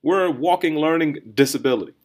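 A man hosting a solo podcast, riffing in a rambling, think-out-loud way with lots of restarts and "right?" tags. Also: on the high side, quick pace. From New Jersey or New York area, USA. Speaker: podcast host. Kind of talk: casual solo commentary.

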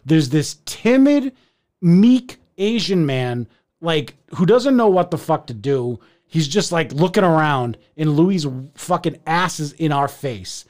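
Man, casual storyteller, lively swooping delivery, profane and animated. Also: takes it slowly. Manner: animated, profane, acts out voices with big pitch jumps. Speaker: podcast co-host telling a story.

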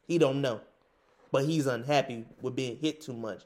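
A man's voice: medium pitch, normal speed, darkish tone. A man in a casual sports debate who relays reports in loose slang and talks over the other man.

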